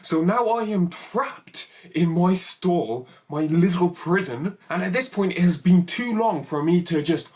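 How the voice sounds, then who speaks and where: Young man, fairly high voice, lively comic storytelling, swooping intonation. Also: measured pace, hardly any pauses. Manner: animated, exaggerated comic storytelling. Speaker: YouTuber. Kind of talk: comedic story time.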